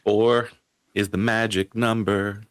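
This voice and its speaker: A crude, joking man on a live online panel with a lowish voice. He stretches his phrases out and swears often, on a dry, close mic. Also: flat delivery, slow, clear, resonant tone, dry recording. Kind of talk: casual live stream chat.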